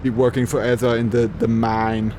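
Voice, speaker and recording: A young man plays a game on stream and reads its dialogue aloud in a slow, formal voice, then breaks off for sarcastic, profane jokes. His voice sits at an ordinary male pitch, and a faint hiss runs under the recording. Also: level tone, a little mellow. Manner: joking, swears freely, sarcastic asides. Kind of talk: casual let's-play commentary with voiced dialogue.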